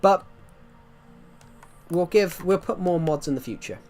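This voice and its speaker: A man with a high voice and a West Country English accent chats to viewers during a game stream, rambling and restarting his sentences. He keeps a measured pace with a slightly mellow tone, and faint music is behind him.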